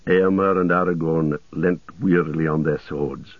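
A man narrating an audiobook in a steady, measured way, over a tinny radio-like sound. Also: a bass voice, no room sound.

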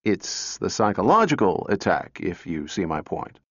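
A man's voice: low voice, very animated, moderate pace, dry recording, voice pushed down. Man playing a smug storybook father laying out a plan, dry dull audio. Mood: persuasive. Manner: persuasive, explaining.

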